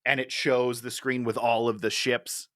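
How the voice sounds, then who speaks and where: A man's voice: medium pitch, level tone, unhurried, fairly bright tone, no room sound, studio quality. A man co-hosting a casual movie-critique podcast, sounding exasperated and laughing often as he rants. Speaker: podcast co-host.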